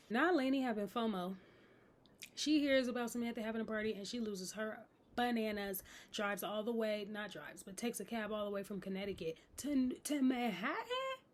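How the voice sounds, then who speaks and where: A woman casually recapping a TV episode, animated and exasperated, talking straight to her viewers. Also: mid-range voice, slight background noise. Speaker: recap vlogger.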